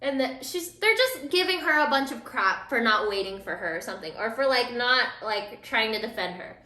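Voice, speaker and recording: A young woman vlogger with a fairly high, bright, pushed voice chats at normal speed while doing her makeup in a room at home, casually recapping a drama. She's expressive and full of fillers, acting out the characters' lines, and the room sounds echoey.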